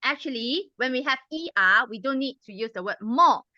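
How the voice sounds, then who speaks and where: A woman, the club president, explaining grammar and pronunciation to a meeting in a patient, teacherly way and drilling sounds slowly. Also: high-pitched, lively intonation, pushed and bright, no room sound, dull audio. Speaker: club president giving a language evaluation.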